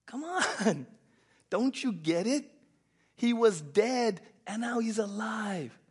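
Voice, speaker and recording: A preacher acting out a tender older father who is loudly coaxing his son to come in. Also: expressive, slow pace, slightly rough, full character voice. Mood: pleading. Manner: loud, high and coaxing, drawn out. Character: tender pleading older father, warm and eager.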